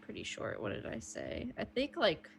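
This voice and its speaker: A woman player describing her character's actions with a giggly, drawn-out delivery. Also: mid-range voice, wildly swooping pitch, creaky, a little hiss or hum. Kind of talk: tabletop game chat.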